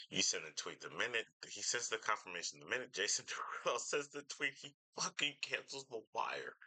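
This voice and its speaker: A man's voice: rumbling low, sharp tone, husky, poor audio. A man reacting casually to a clip, blunt, incredulous and swearing freely. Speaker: reaction streamer.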